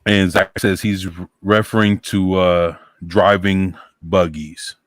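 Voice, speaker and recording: A low-voiced man co-hosting a casual podcast, reading out chat messages and laughing along. The sound is dry and close, with no room around him. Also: steady tone, slow pace, no room sound. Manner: laughing, reads viewer comments aloud.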